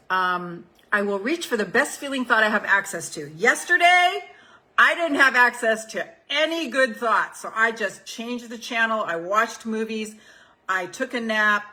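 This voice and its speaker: Bright-voiced woman in her seventies. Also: mid-range voice, measured pace, low-quality recording. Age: 70s. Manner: frank, swears freely, repeats phrases for emphasis. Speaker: life coach. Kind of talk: casual group call, reading affirmation cards.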